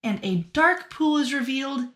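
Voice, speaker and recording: Bright-voiced woman recapping a show. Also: sits high. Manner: lively, acts out characters' lines in quick voices. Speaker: podcast co-host recapping a TV show. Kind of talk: casual chat, recapping with acted quotes.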